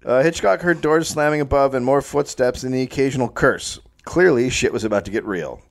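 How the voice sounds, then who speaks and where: A man's voice: mid-range voice, brisk, gravelly. A man hosting a comedy podcast, reading a history story aloud and breaking off to riff and joke with silly voices. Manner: reads the story then riffs with silly voices.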